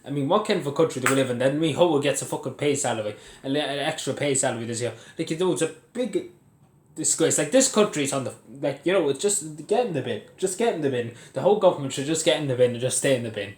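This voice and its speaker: A man's voice: mid-range voice, animated, fast, darkish tone. A young Irish man angrily ranting to his camera at home, swearing and laughing bitterly at what he reports. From Ireland. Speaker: vlogger. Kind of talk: angry ranting commentary to camera. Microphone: phone or camera set on its side. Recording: echoey room.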